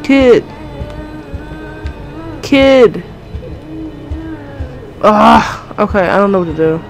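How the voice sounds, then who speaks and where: Swearing often and quick to frustration, a young gamer narrates a horror game for her viewers over faint background music. She speaks at a moderate pace with a creaky, medium-pitched voice.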